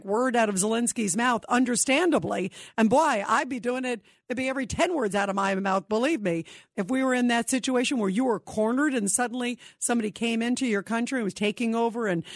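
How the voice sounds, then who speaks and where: Opinionated woman radio host, animated and emphatic, dry studio voice. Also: on the high side, no echo. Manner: animated, emphatic, repetitive for effect. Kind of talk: opinionated talk radio commentary.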